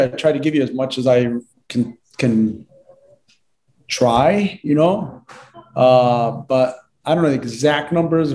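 A man's voice: mid-range voice, dark tone, low-quality recording. A man from Lebanon, a real estate agent and interview guest, telling stories animatedly and acting out dialogue with frequent fillers.

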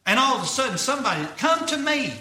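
A young man preaches earnestly. His voice is high and very bright, and he circles back over his phrases in plain folksy speech. It all rings through an echoey church room. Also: very animated, quick pace. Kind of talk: sermon.

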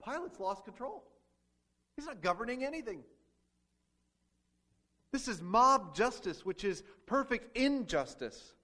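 A man's voice: very high voice, very animated, measured pace, long pauses, pushed and bright. A man preaching a sermon as pastor, asking the congregation rhetorical questions and acting out quoted speech.

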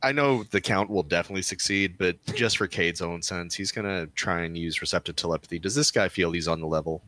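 Male player, low voice, bright edge, deliberate delivery. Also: no room sound. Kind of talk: casual role-play.

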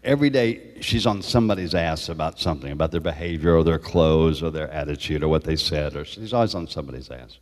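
A man telling animated stories as a guest, often laughing as he talks. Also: very deep voice, quick pace, hardly any pauses, big-room sound. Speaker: guest actor. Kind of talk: casual storytelling.

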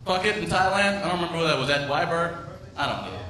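A man's voice: fairly high pitch, expressive, fast talker, sharp tone. A man doing a rambling, profane stand-up set, teasing the crowd on a club stage. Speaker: stand-up comedian. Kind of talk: open-mic stand-up set. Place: comedy club stage with live audience. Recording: echoey room, voice a bit far from mic.

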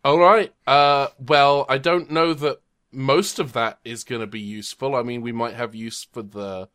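Man, game master, rambling, halting restarts, dry remote mic. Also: mid-range voice, steady tone, fairly bright tone, clear, resonant tone, dry recording. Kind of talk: narrating a tabletop game. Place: home, recorded remotely. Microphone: remote call mic.

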